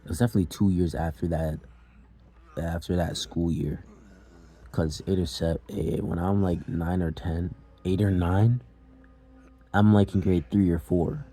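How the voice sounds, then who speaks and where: Low husky-voiced young man. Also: fairly even intonation, measured pace, dark tone. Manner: loose and profane, with many fillers. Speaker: storyteller. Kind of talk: casual personal storytelling.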